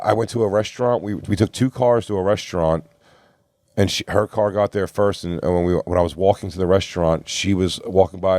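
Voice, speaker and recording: Brief: male podcast co-host, lowish voice, dry close mic, rambling swear-filled anecdote. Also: dry recording. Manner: rambling, profane, animated quoting of others. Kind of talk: casual storytelling among friends.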